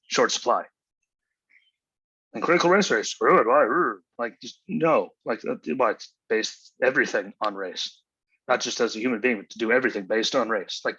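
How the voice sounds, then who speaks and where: Man, angry profane rant, husky voice, dull lo-fi audio. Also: on the low side, sharp tone, no echo. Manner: angry, profane, exasperated ranting. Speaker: podcast host. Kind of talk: solo rant monologue.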